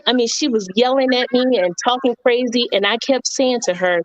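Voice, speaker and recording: A woman's voice: on the high side, moderate pace, hardly any pauses, no room sound, poor audio. A woman on a talk show earnestly telling a personal story in casual conversation, repeating words and using many fillers. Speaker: guest on radio talk show.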